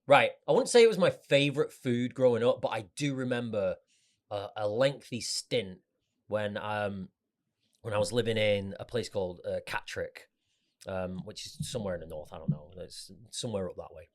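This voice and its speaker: A man's voice: fairly low pitch, normal speed. A man with a Mancunian accent, co-hosting a casual podcast chat, jokey and rambling, talking while he eats. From Manchester, England. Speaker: podcast co-host. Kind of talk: casual chat over food.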